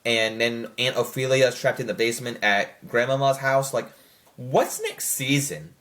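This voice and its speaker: A man's voice: mid-range voice, expressive, moderate pace, fairly bright tone. Male reviewer, casual, rambling, full of fillers and self-corrections. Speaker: show reviewer.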